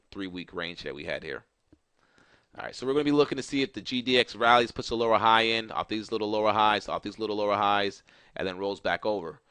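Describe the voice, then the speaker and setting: A man's voice: lowish voice, a bit bright, dry recording. A man giving a casual stock market recap over charts, talking loosely with many fillers and repeated phrases. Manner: loose, repetitive, filler-heavy chart talk. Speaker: market analyst host.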